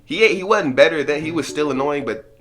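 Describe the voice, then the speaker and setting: A man's voice: fairly high pitch, fast, faint music behind. A young man telling a comedic storytime, laughing often and dropping into dramatic narrator asides. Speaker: storytelling vlogger.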